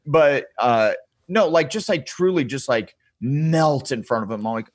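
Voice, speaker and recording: A man spins a long, profane anecdote with a widely swinging, animated pitch. He keeps acting out the people in the tale. The recording is dry and close, with no room sound. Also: normal speed, no room sound. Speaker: podcast guest. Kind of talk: casual storytelling.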